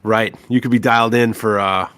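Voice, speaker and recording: A man's voice: on the low side, steady tone, fairly quick, a bit bright, smooth, dry recording. A man co-hosting a casual sports talk stream, a teasing, jokey storyteller. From Upper Midwest US. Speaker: podcast co-host.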